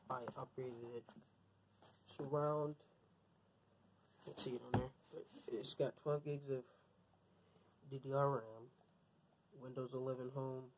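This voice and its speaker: A man's voice: medium pitch, measured pace, pauses often, slight background noise, poor audio. Young man rambling through an unboxing. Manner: excited, rambling, slangy. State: shaky voice from the cold. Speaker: tech unboxing vlogger. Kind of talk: casual unboxing vlog. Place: his cold bedroom.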